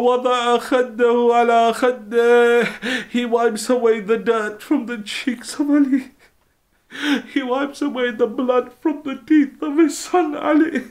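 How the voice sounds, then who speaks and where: A man's voice: very high-pitched, fairly even intonation, normal speed. A sheikh delivering an impassioned, tearful mourning sermon, breaking into cries as he recounts the story. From United Kingdom.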